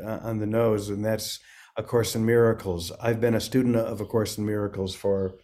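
Man, priest, reflective interview guest, gentle searching delivery. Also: mid-range voice. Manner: gentle, searching, with frequent restarts.

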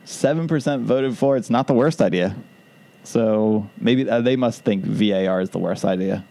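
A man's voice: lowish voice, normal speed, vocal fry, dark tone, no echo. A man co-hosting a casual podcast, rambling through his ideas and laughing at them. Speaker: podcast co-host.

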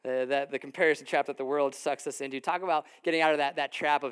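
A man preaching a sermon to a church crowd, telling stories with lots of restarts and quick laughs. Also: fairly high pitch, smooth. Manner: animated storytelling, many restarts, laughs between lines. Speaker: pastor. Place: church hall with an audience. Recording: faint guitar music behind the voice. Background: soft guitar.

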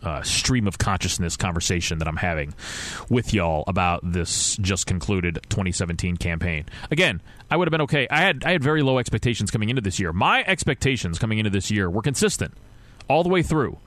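A man's voice: lowish voice, sing-song, fairly quick, fairly bright tone. A man hosting a podcast, ranting casually and with frustration about his football team, rambling and restarting his sentences often. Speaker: podcast host. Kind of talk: casual sports rant.

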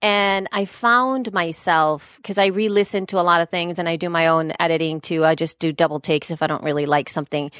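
A woman co-hosting a podcast chats casually, rambling and correcting herself as she goes. Her voice is lowish and a bit bright, recorded in studio quality with no room sound.

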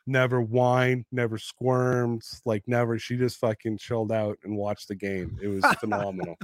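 Picture a man in his thirties spinning baseball yarns on a casual podcast, swearing freely and building each story with energy. His voice sits at an ordinary middle pitch. The sound is dry and close, with no room around it. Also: measured pace, no echo. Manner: profane, animated storyteller. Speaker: podcast co-host. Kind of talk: casual sports chat.

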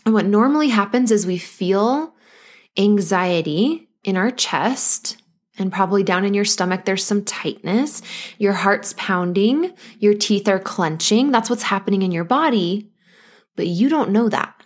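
Woman, podcast host, postpartum coach, gentle and reassuring, acts out worried thoughts. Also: mid-range voice, animated, a little slow. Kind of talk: speaking directly to listeners.

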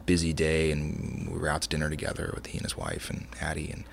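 A man's voice: extremely low pitch, quick pace, creaky, a little hiss or hum. A middle-aged man, a chef and restaurant owner, talking in a casual interview, rambling through stories with lots of restarts. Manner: rambling, many restarts, animated storytelling.

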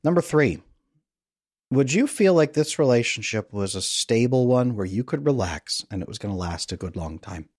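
A middle-aged man, a relationship coach, talking as a podcast guest in a lively, playful, guiding way. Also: mid-range voice, normal speed, slightly rough, no room sound, studio quality. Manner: energetic, playful, guides listener through an exercise. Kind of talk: conversational interview.

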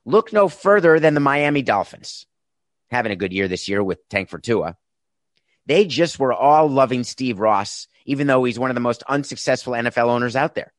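A man's voice: mid-range voice, lively intonation, normal speed, no room sound, clean studio sound. A middle-aged man, a former baseball team executive, giving an opinionated commentary monologue with emphatic, sarcastic, punchy delivery.

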